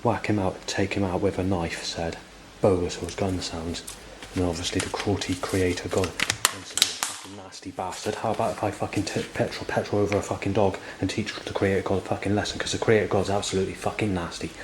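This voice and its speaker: A man's voice: sits low, little pitch movement, brisk, background noise. A man, rambling and hesitant with many fillers, recording a spoken log indoors. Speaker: diarist recording a personal log. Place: indoors in a building.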